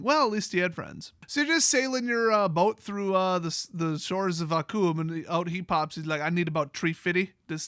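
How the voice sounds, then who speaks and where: A man's voice: fairly high pitch, a bit bright, dry recording, studio quality. A man with a Wisconsin accent, hosting a comedic review and reading passages aloud with sarcastic, joking asides. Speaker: YouTube host. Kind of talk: comedic card lore review.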